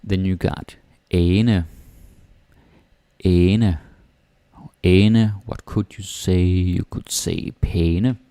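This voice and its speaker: Slow, deep Danish-accented man teaching. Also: fairly even intonation, warm tone, no room sound. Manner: slow, repeating words for the learner. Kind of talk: pronunciation lesson.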